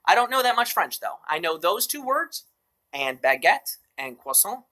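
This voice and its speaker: A man's voice: high-pitched, very animated, normal speed, sharp tone. A man hosting a live mobile trivia game show, upbeat and joking with playful asides.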